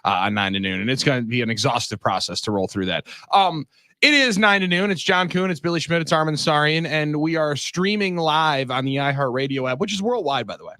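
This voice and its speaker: A man co-hosting a sports radio show, chatting and joking in a casual, animated way in the studio. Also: fairly high pitch, a little fast, dry recording. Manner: animated, jokey. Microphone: studio microphone.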